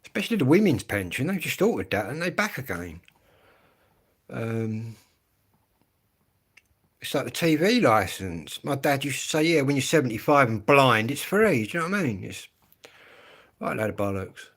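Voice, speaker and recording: A man's voice: medium pitch, sing-song, normal speed, long pauses, slightly rough. An English man in his fifties ranting bluntly and swearing a lot in a live stream monologue. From England. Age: 50s. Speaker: livestreamer.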